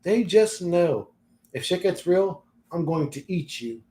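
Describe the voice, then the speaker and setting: A man's voice: high-pitched, lively intonation, takes it slowly, warm tone, roomy sound. A man hosting his own channel, ranting bluntly and profanely in a casual vlog, laughing often between points. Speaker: channel host.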